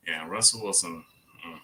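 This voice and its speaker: A man's voice: sits low, pushed and bright. A man co-hosting a casual livestream, chatting in a rambling way and laughing easily. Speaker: livestream co-host. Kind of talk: casual chat.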